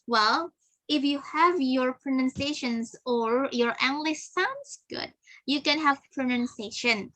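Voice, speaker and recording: A woman's voice: sits high, slow, bright, forceful tone, dry recording, poor audio. A young woman with an Indonesian accent teaching English pronunciation, mixing English and Indonesian as she quizzes her students. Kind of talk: pronunciation lesson.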